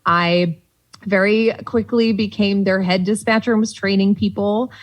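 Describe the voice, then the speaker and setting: A young woman from Boston with a Boston accent, a comedian guest telling lively stories in casual podcast chat and acting out the voices she quotes. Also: mid-range voice, normal speed, poor audio.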